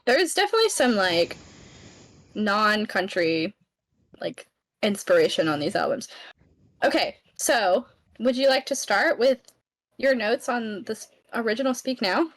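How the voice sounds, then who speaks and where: A young woman co-hosting a podcast, easygoing and quick to laugh as she steers the talk. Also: on the high side, expressive, poor audio. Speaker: podcast co-host. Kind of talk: casual chat.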